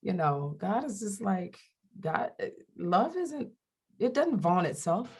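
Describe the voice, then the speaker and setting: A middle-aged woman who is both a comedian and a radio host talks frankly about faith as an interview guest. Her medium-pitched voice is slightly rough and her pace slow, and she animates her stories by acting out quoted voices.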